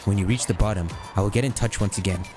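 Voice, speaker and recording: A man reading out a calm, formal female AI professor in a measured, polite way, with game music behind. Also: fairly low pitch, pitched below the performer's own voice, natural voice.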